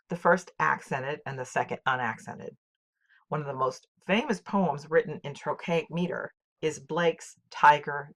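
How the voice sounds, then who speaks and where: A woman teaching, reading a scripted poetry lesson in a clear, measured way and reciting poems with marked rhythm. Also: low-pitched. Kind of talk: scripted educational narration.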